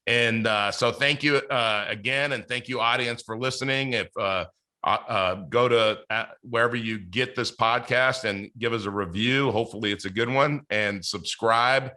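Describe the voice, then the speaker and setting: A man's voice: mid-range voice, normal speed, sharp tone. A man hosting a podcast interview, chatting casually with plenty of fillers and restarts. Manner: rambling, many fillers and restarts. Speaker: podcast host.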